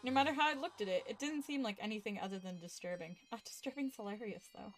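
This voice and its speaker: A woman's voice: mid-range voice, quick pace, faint music behind. A woman streaming a horror visual novel, reading its text aloud and chatting with viewers, laughing often and swearing casually. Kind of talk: live game stream chat and reading aloud.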